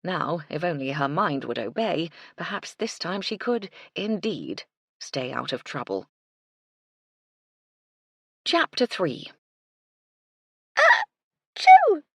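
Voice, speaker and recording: A woman narrating an audiobook in a measured, expressive reading on a close mic. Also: sits low, husky, no room sound. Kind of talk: scripted narration.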